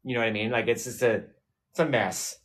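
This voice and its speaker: A man hosts a live painting stream and tells a rambling, self-mocking story to his viewers. He laughs often, and his voice sits at an ordinary middle pitch for a man. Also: fairly even intonation, a little fast, fairly bright tone. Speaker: livestream painting host. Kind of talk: casual chat with live viewers.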